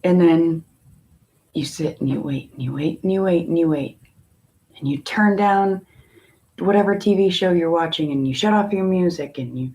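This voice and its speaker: A woman tarot reader in a casual spiritual talk, musing in a slow, meandering way with long pauses. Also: lowish voice, darkish tone.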